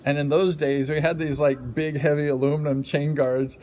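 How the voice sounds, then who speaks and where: Rambling middle-aged man telling a story. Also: moderate pace. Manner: animated, acts out quotes with sudden high exclamations; rambling, frequent "you know, like" fillers. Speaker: livestream host telling a racing story. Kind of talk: casual storytelling.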